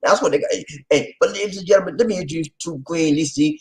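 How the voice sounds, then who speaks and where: A man's voice: a little high, quick pace. A middle-aged man hosting a casual live stream, joking and laughing often as he chats with viewers. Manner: reads out viewer comments in put-on voices.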